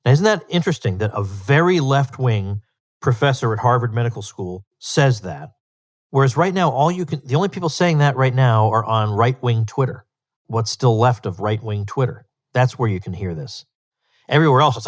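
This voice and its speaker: A man's voice: medium pitch, animated, moderate pace. A man hosting a solo podcast, talking emphatically and with disbelief, often repeating words for stress. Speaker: podcast host.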